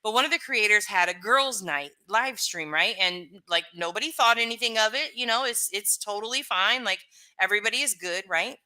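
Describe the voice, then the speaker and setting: A woman's voice: medium pitch, expressive, brisk, sharp tone. A woman live streamer chatting casually with her viewers, rambling and full of fillers.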